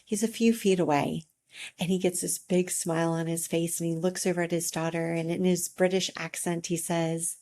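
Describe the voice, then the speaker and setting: Middle-aged woman coach, unhurried encouraging delivery, low mellow voice. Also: steady tone. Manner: slow, gentle and encouraging, with long pauses. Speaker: life coach. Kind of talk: reflective motivational talk.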